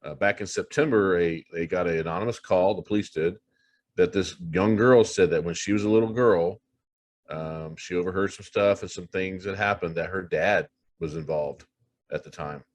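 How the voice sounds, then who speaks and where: Man, very low voice, paranormal investigator guest, animated storyteller, swears and repeats himself. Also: moderate pace. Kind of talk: casual storytelling.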